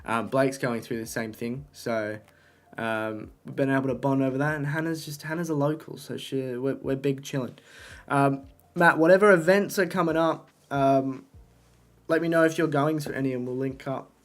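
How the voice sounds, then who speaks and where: A young man chatting casually on a live stream, talking to his chat, excitable and swearing often, into a desk microphone. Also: medium pitch, moderate pace. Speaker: livestreamer.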